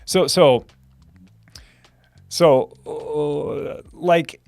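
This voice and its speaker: Drawing out his words in a slightly high, darkish voice with no room sound, a US host fields viewer comments during a live Q&A. He chats loosely, restarting and using fillers constantly, and laughs a lot.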